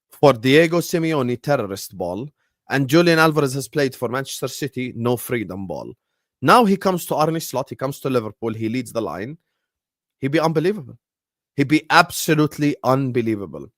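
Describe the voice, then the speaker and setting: A young man hosting a football show, ranting to a live chat in an exaggerated, repetitive, mock-pleading way with loud outbursts. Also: mid-range voice, no room sound, studio quality. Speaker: football channel host. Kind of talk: animated solo football rant to a live chat.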